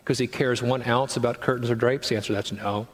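A man's voice: medium pitch, fairly even intonation, quick pace. A man preaching a sermon as pastor, conversational, with rhetorical questions and acted-out quotes. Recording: long hall reverb.

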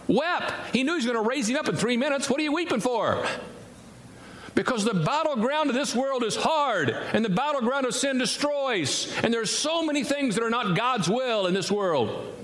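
Man preaching a sermon in an echoey hall. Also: a bit bright. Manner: emphatic, repeats words for effect, wide swings in pitch. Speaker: pastor. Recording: echoey hall, faint ambience.

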